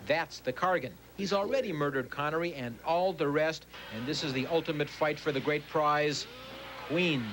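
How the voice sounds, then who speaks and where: A man's voice: fairly high pitch, moderate pace, background noise. A man giving a sarcastic, joke-filled movie review as a television film critic. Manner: sarcastic, wisecracking.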